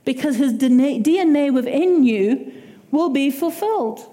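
Irish woman preacher, higher-pitched, warm mellow voice, chatty sermon delivery. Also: moderate pace. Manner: animated, conversational preaching with quoted asides.

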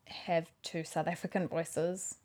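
A woman's voice: lowish voice, flat delivery, takes it slowly, a little mellow. A woman, rambling and correcting herself in casual chat about her video work. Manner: chatty, rambling, self-correcting. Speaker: video maker.

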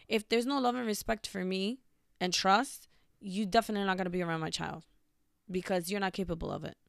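A woman's voice: mid-range voice, fairly even intonation, brisk, creaky, dry recording, studio quality. A young woman hosting a talk show, speaking bluntly and emphatically in a casual monologue. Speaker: podcast host.

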